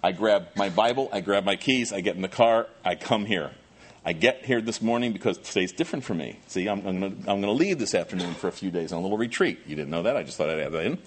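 Male pastor preaching; husky voice with a lively, swinging delivery. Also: low voice, fast. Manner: animated, swings from quiet asides to loud emphatic questions. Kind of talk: sermon.

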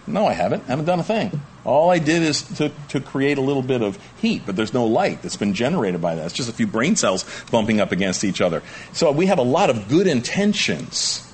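A man preaching a sermon to a congregation, pleading and emphatic, with lively swings in his delivery. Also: a little hiss or hum. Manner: animated, pleading emphasis with wide pitch swings. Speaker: pastor. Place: church room with a congregation.

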